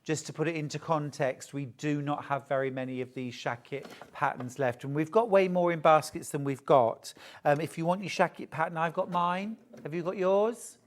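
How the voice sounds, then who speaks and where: A man's voice: fairly high pitch, moderate pace, hardly any pauses. A man presenting a live shopping show, chatting and joking as he gushes over fabrics. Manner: chatty, gushing, jokey. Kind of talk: live sales chat.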